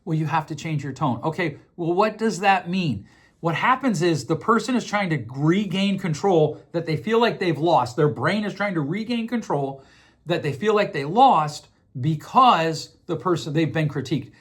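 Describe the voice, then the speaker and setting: A man's voice: a little high, animated, moderate pace, fairly bright tone. A middle-aged man hosting a podcast, explaining ideas in a casual, conversational way, often repeating words as he thinks. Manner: conversational, repeats words while thinking, acts out quoted voices. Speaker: podcast host.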